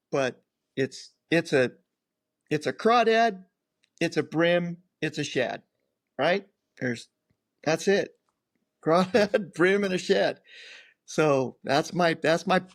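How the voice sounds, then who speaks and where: A man's voice: fairly high pitch, no echo, clean studio sound. An older man, a guest on an interview show, telling rambling stories and acting out other people's lines. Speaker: guest, professional angler. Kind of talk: casual interview storytelling.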